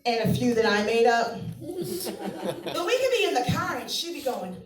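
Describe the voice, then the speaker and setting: A woman's voice: a little high, very animated, normal speed, a little hiss or hum. A woman from Massachusetts, a mother of two, telling family stories in a stand-up set and acting out the voices. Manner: chatty storytelling, acts out family voices. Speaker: stand-up comedian. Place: comedy club stage. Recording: echoey club, mic from a distance.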